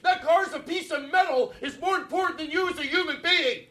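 A man's voice: very high-pitched, a little fast, pushed and bright, voice pushed up. A man playing a furious guy who screams profanities at his friend over a car crash, in an over-the-top rant. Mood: raging.

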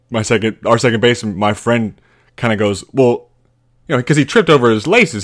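A man's voice: medium pitch, fairly quick. A young adult man hosting a podcast, telling a story in a rambling, casual way with lots of fillers, restarts and laughs. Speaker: podcast host.

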